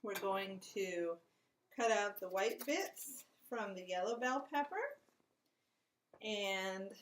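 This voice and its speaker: A woman's voice: mid-range voice, slow, a little hiss or hum, low-quality recording. A woman hosting a home cooking show, walking through each step of a recipe in a casual, chatty way and chatting with a child in the kitchen. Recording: loud kitchen clatter of dishes and pans.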